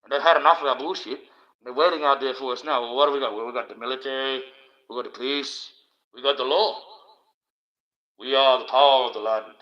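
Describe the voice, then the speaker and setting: A man with an Australian accent rants crudely on a livestream, swearing almost every line and tripping over restarts as he circles his points. His voice is tense and cutting, pitched around the middle for a man. The stream audio is dull and lo-fi. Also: steady tone, fast, pushed and bright. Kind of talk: rambling profane rant.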